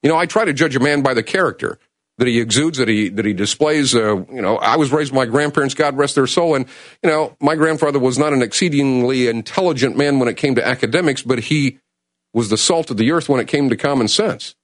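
A man hosting a call-in talk radio show, speaking with urgent, emotional passion that swings between loud and hushed. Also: mid-range voice, brisk, no echo, clean studio sound. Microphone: studio mic.

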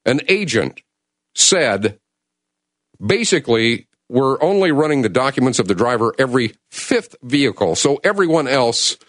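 A man's voice: mid-range voice, very animated, moderate pace, no room sound, studio quality. Impassioned man hosting talk radio. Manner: impassioned, urgent, swings from loud to hushed. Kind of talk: emotional talk radio monologue. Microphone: studio mic.

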